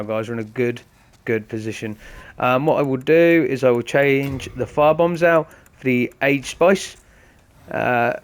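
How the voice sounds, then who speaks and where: A man commenting casually on a game, explaining each step to viewers in a chatty way. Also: mid-range voice. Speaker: gaming host. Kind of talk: casual let's-play commentary.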